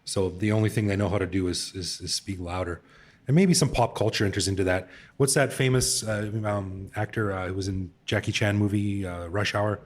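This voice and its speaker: A podcast co-host in casual chat chuckles often and repeats words while thinking. His voice is on the low side and his pace brisk.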